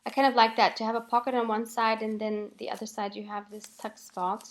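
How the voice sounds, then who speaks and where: A woman calmly narrating a voiceover for her crafting video, explaining each step with light laughs. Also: on the high side, fairly quick. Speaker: craft channel host.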